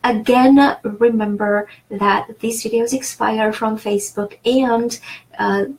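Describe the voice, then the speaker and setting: A woman's voice: a little high, fairly even intonation, slow pace, a little mellow, poor audio. A woman teaching a French lesson in English, explaining patiently with many fillers and restarts. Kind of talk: online language lesson.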